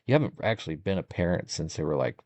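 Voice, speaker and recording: A middle-aged man, a podcast guest, chatting casually and telling jokey stories with sudden animated jumps in pitch. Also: fast, no echo. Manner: jokey, animated storytelling with bursts of higher pitch. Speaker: podcast guest, content creator. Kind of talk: casual interview chat.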